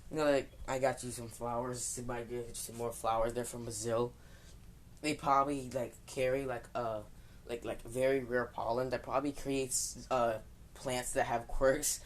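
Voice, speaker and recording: A man's voice: medium pitch, flat delivery, moderate pace, a little hiss or hum. Rambling young man telling a fan story. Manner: rambling, filler-heavy, chuckling asides. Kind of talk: casual improvised storytelling.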